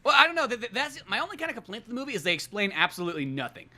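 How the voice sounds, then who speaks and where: A man's voice: high-pitched, sing-song, rapid-fire, crowd noise. A man hosting a podcast, rambling profanely and acting out movie scenes as he retells them. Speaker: podcast host. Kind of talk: casual podcast chat.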